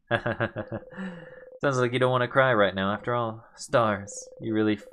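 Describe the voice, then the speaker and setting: A man's voice: a little slow, a little hiss or hum. Young man reading game text dramatically. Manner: dramatic reading with big swings in pitch and loudness, muttering asides. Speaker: let's play host. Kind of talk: casual gameplay commentary, reading game text aloud.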